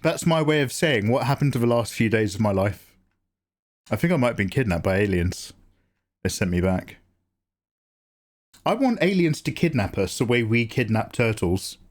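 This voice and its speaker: A man's voice: mid-range voice, sing-song, moderate pace, long pauses. A man chatting loosely on a drawing livestream, swearing, joking and greeting chat by name. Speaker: streamer and artist.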